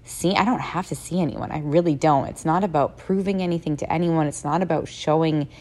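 A woman's voice: sits low, fairly quick, darkish tone. A young woman hosting a podcast, talking candidly and rambling in a personal monologue, swearing freely. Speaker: podcast host.

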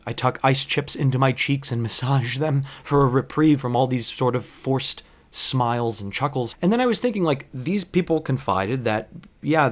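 With a mid-range male voice, this bartender spins a lengthy tale from work that's full of profanity and side tangents. Along the way he pauses to think back on his own conduct.

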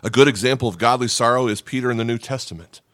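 A man preaching a sermon as pastor, in a conversational, animated way, sometimes acting out voices. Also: mid-range voice, fast talker, no room sound, studio quality.

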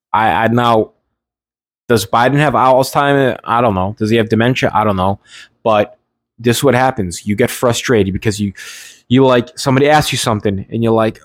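A man's voice: mid-range voice, dry recording, clean studio sound. A man hosting his own show, talking off the cuff in a blunt, profane, rambling rant full of restarts. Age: adult, has nieces and nephew. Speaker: podcast host. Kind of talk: unscripted solo political rant.

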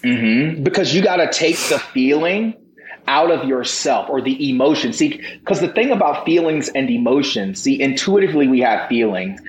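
A man talking as a podcast guest and motivational speaker, emphatic and preacher-like, with rising bursts of intensity. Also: medium pitch. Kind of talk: impassioned motivational talk. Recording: roomy echo, faint background noise.

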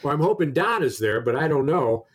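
A man telling a long anecdote in casual conversation, animated, stumbling over restarts and acting out the quoted dialogue. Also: on the high side, a little fast. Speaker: storyteller in a conversation.

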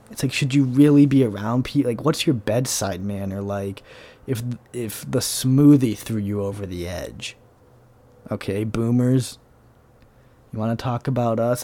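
A man's voice: mid-range voice, mellow. Rambling young man. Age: young adult. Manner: rambling, profane, sarcastic. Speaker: podcast host. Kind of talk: casual solo monologue.

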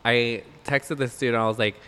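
A man's voice: mid-range voice, fairly even intonation, fairly quick, bright, forceful tone, smooth. A young man co-hosting a podcast, telling a rambling, profane story in casual chat, full of "like" and "literally". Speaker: podcast co-host.

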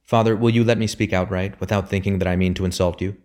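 A man's voice: low voice, steady tone, quick pace, a little mellow, lightly acted. A man reading as an earnest young son pleading. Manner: formal, respectful, pleading. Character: earnest dutiful young son, humble but steadfast.

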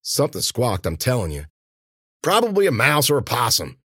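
A man's voice: medium pitch, huge pitch swings, normal speed, sharp tone, breathy edge, dry recording, clean studio sound, voice pushed up, exaggerated voice. A man voicing a jittery, wisecracking male henchman. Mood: jumpy.

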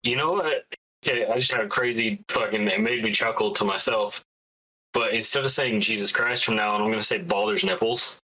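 A man joining casual podcast chat, jokey and quick to swear. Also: lowish voice, sharp tone, low-quality recording. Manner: jokey and profane.

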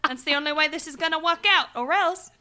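A woman's voice: sits high, fast, sharp tone, voice pushed up. A woman putting on an exaggerated mock British accent for a cocky male villain. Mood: mock menacing. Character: cockney-ish male villain, cocky and menacing.

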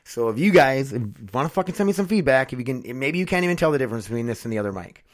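A man's voice: medium pitch, lively intonation, rapid-fire. A man hosting his own podcast, rambling and swearing casually into a condenser studio mic. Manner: rambling, profane, self-mocking. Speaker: podcast host.

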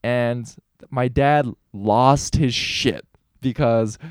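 A man's voice: mid-range voice, drawn-out words, smooth, no echo, clean studio sound. A young man co-hosting a casual podcast, telling a candid story with frequent swearing. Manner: candid, profane storytelling, voices for quoted people. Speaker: podcast co-host.

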